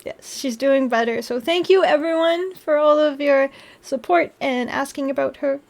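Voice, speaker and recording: A woman's voice: high-pitched, moderate pace, gravelly, a little mellow. A woman streamer chatting casually on a live stream, bubbly, often gasping and laughing as she thanks her viewers.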